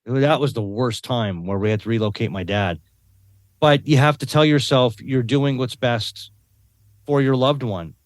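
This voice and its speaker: A man's voice: medium pitch, unhurried, no echo, studio quality. A man as a podcast guest talking earnestly in a casual conversation, often repeating words and adding tag questions.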